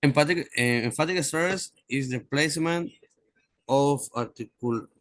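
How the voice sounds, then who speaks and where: A male student, reading aloud haltingly in an online English class and repeating the teacher's corrections. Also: mid-range voice, a bit bright, dry recording. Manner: halting, stumbles over words and repeats corrections. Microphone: video call.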